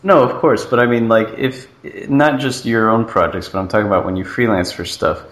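A man's voice: on the low side, steady tone, fairly quick, fairly bright tone. A man co-hosting a casual podcast, dry and argumentative, fond of rhetorical questions. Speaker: podcast co-host. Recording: roomy echo.

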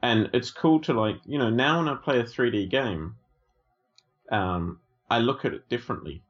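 A man co-hosting a casual podcast, talking in a relaxed, thoughtful way with frequent fillers. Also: mid-range voice, moderate pace, lo-fi sound. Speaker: podcast co-host.

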